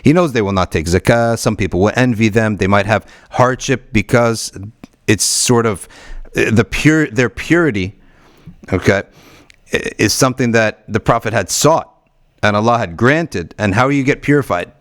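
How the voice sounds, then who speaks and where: A man teaching a weekly religious study circle, reading Arabic passages quickly and then explaining them in English, with frequent restarts. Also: lowish voice, no room sound, clean studio sound. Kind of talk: conversational religious lesson.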